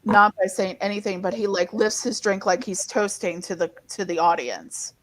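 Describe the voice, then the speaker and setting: A woman co-hosting a casual online comic book hangout, telling stories in an animated way with many restarts. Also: medium pitch, normal speed. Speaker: co-host. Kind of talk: casual chat.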